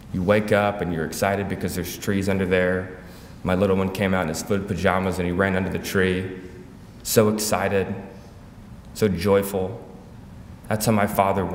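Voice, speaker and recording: A man with a very low voice delivers an emotional eulogy, pausing and restarting as he speaks. His words ring out with the long reverb of a big hall. A faint room hum sits underneath. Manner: emotional, halting, heartfelt. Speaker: son giving a eulogy. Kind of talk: funeral tribute speech. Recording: echoey hall from far off, faint ambience.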